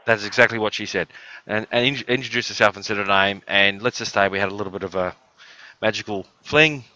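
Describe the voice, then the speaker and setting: A man's voice: lowish voice, a little fast, sharp tone, muffled recording. An Australian man from the outback with a cough, telling a rambling, crude, joking story on a live stream. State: has a cough. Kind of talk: casual storytelling.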